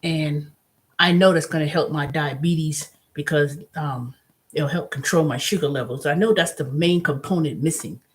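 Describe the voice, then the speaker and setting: A woman hosting her own channel, telling a story in a casual, animated monologue with blunt, profane language. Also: sits low, normal speed. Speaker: host.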